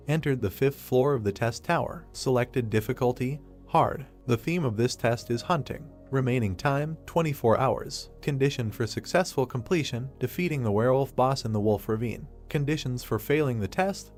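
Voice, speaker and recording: A man narrating a comic story recap in a steady, scripted read-aloud style. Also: medium pitch, moderate pace, hardly any pauses, faint music behind.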